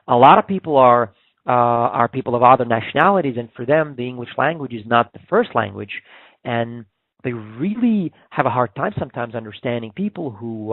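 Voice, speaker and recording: A man's voice: medium pitch, gravelly, dry recording. A man giving a public speaking webinar, talking conversationally with many fillers and restarts. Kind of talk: webinar presentation. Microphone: webinar call microphone. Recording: dry, phone-like webinar audio.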